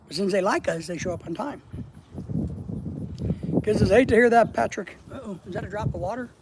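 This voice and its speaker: Male stream host with a raspy, higher-pitched voice. Casual and joking, crude and teasing as he reads chat aloud outdoors at night. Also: fairly quick, noisy background. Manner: joking, teasing, blunt and profane. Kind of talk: casual live-stream chat, reading viewer comments.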